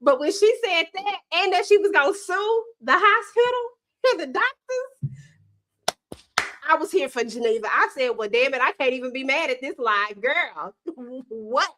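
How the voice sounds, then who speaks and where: A woman hosting a casual live panel, playful and emphatic as she steers the talk. Her voice sits high with a bright, forward tone. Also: lively intonation, normal speed, few pauses. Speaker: host. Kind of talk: casual chat.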